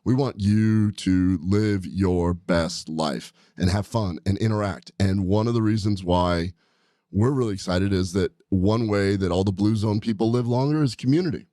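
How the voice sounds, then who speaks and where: A man with a lowish voice hosts a casual podcast chat in a studio. He rambles along in an upbeat, excited way. The sound is close and dry. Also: moderate pace, no echo. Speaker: podcast host, doctor.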